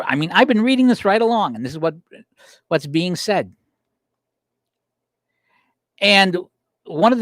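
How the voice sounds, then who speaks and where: A man's voice: sits high, no echo. A man hosting a podcast and arguing his opinions, using rhetorical questions, restarting sentences and reading quotations aloud. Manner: argumentative, rhetorical questions, frequent self-corrections. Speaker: podcast host.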